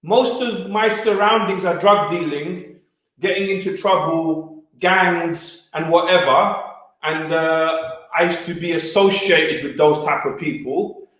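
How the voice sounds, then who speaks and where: A young man telling stories to an audience at a live event in a streetwise, animated way, with quick asides to the listeners. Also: on the high side. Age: young adult. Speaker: wealth speaker. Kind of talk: storytelling talk at a live event. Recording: very echoey room.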